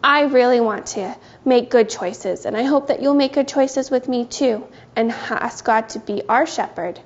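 A woman giving a gentle, sing-song Bible lesson to small children. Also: on the high side, unhurried, highs cut off. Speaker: children's teacher.

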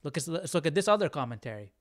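A man who hosts a video channel talks casually as he reacts to a clip. He thinks aloud with curiosity, and his voice sits a bit high. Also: sing-song, very fast. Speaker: host.

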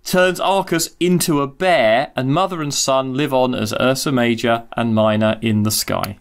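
A man's voice: mid-range voice, steady tone, moderate pace, clear, resonant tone. A man co-hosting an astronomy podcast over a video call, telling myths in a cheeky, irreverent way with casual swearing. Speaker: co-host. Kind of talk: casual storytelling chat.

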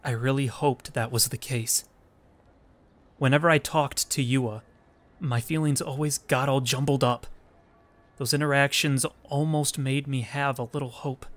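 A man reading the inner monologue of a gloomy, reclusive teenage boy from a visual novel, in a low and mopey voice. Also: steady tone, a little slow, a bit bright, close to an everyday voice.

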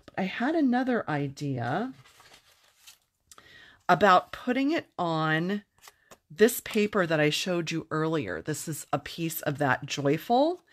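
A middle-aged woman walks through a craft tutorial in a low, unhurried voice. She chats casually and pokes fun at herself, laughing easily along the way. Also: sing-song. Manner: chatty, self-deprecating, laughs easily. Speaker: papercraft demonstrator.

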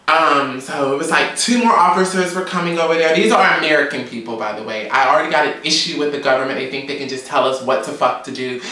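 A woman's voice: low-pitched, far from the mic. Sassy woman in an echoey room. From Georgia, US. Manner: sassy, animated, profane storytelling. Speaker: vlogger. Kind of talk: casual storytime rant. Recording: very echoey room, away from mic.

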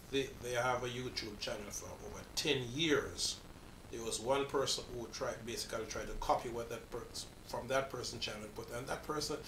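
Caribbean man, forties, rambling reaction host, bright voice, roomy echo, a little off-mic. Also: mid-range voice, distant mic, a little hiss or hum. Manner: rambling, restarts sentences, earnest. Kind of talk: casual reaction commentary.

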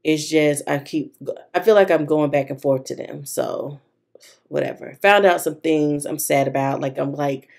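A young woman vlogger chatting casually while decorating her planner, retelling a story to her viewers in a lively, talkative way. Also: low voice, normal speed, vocal fry.

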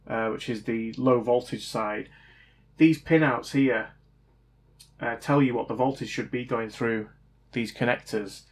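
Hesitant man thinking aloud. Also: mid-range voice. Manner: hesitant, unsure, self-doubting. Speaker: hobbyist repair vlogger. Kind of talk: casual thinking-aloud commentary.

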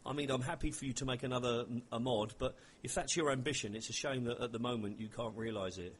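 A man hosting an interview, asking questions in a relaxed, conversational way. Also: medium pitch, quick pace, a little hiss or hum. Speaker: interview host. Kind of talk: casual interview talk.

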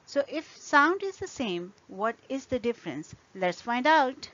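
A woman teaching an English pronunciation lesson, speaking deliberately and repeating example words carefully. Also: sits high, sing-song, fairly bright tone, muffled recording.

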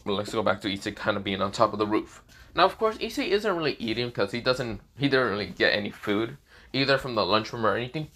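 A man's voice: medium pitch, fairly bright tone. Rambling man improvising a fan story. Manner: rambling with many fillers and casual swearing.

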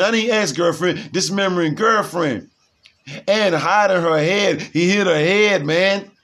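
A man with a high-pitched voice reads headlines aloud at a slow, deliberate pace, then breaks into loose, rambling commentary. He keeps circling back with repeated tags and questions to his listeners, in a casual, conversational delivery. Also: a bit bright. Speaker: news commentator.

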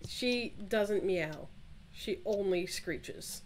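A woman co-playing a ghost-hunting game on a stream, animated and swearing when startled. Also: mid-range voice, extremely slow, over a noisy crowd. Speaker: co-player on a stream. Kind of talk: casual gameplay chat.

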